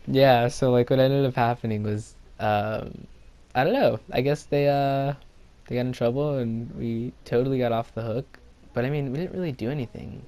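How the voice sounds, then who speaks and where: A man's voice: medium pitch, fairly even intonation, moderate pace, mellow, clear, resonant tone. A young man telling a personal story in a casual vlog, rambling with lots of fillers and quoted dialogue. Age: young adult. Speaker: vlogger.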